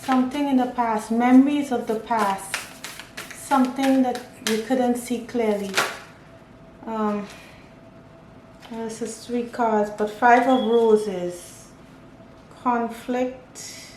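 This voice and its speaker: A woman's voice: on the high side, steady tone, takes it slowly, long pauses. A woman giving a casual tarot reading, thinking aloud and reading out card meanings. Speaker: tarot reader. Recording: echoey room, faint ambient noise.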